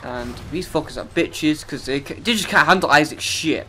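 A man's voice: fairly high pitch, moderate pace, bright, forceful tone, a little hiss or hum. Foul-mouthed young man gaming. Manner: profane, sarcastic and self-mocking. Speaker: let's play gamer. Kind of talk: gameplay commentary.

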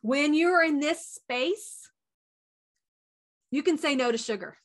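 A woman, giving a chatty, animated motivational talk as a wellness coach. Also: sits high. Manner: chatty and animated, says y'all a lot; talks fast.

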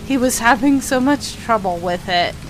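Woman streamer, bright upper voice, slow and lively, chats and yelps over constant rain. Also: on the high side, over music, poor audio. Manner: animated, chatty, yelps panicked repeated no's. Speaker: game streamer. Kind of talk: live gameplay commentary chatting with viewers. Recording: steady rain noise behind the voice.

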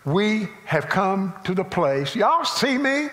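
A man with a Southern US accent delivers a sermon from the pulpit. His voice sits a little high for a man, and he swings from loud, emphatic lines to soft, chatty asides in a folksy way. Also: sing-song, takes it slowly. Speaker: pastor.

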